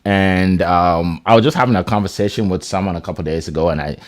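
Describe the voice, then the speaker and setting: A man's voice: deep voice, fast. A man hosting an online panel on a video call, talking casually with many fillers and restarts. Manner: animated, filler-heavy, restarts. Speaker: host.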